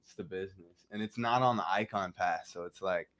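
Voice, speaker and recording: A man, a podcast guest, telling casual stories in a studio and acting out scenes with loud quoted lines. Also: low voice, brisk, crowd noise. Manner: animated, acts out scenes with shouted quotes. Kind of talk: casual storytelling.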